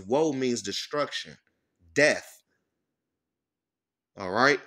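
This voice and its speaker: Guy preaching scripture street style, blunt and cussing, keeps asking all right? man, mid pitched voice. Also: expressive, fairly bright tone. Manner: reads verses slowly, then breaks them down. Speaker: scripture teacher. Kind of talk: informal sermon with scripture reading.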